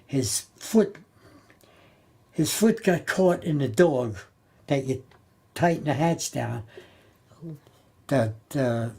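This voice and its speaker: An older man recalling his time as a Navy sailor in a halting, plain-spoken way, often repeating and restarting his words. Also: mid-range voice, lively intonation, creaky, warm tone, slightly rough. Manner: plain-spoken, colloquial grammar. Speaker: Navy veteran interviewee. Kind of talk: oral history storytelling.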